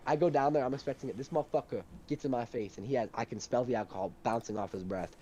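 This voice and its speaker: Young guy ranting fast about work, mellow low-key tone, bit of hiss behind him. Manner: animated, heated storytelling with lots of swearing. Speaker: storyteller in a duo chat. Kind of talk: casual chat.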